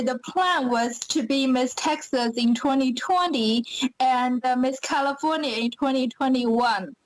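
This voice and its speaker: A woman's voice: sits high, no echo, rough recording. A young woman from China with a Chinese accent, a pageant winner chatting upbeat on a podcast with many fillers. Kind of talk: podcast interview.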